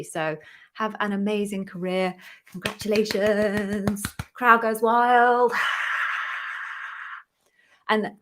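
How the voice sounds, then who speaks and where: Chatty woman doing a live q&a, upbeat, keeps cheering ppl on, mid-pitch voice. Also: a bit bright. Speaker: interview coach hosting a live Q&A. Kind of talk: live-stream Q&A chat.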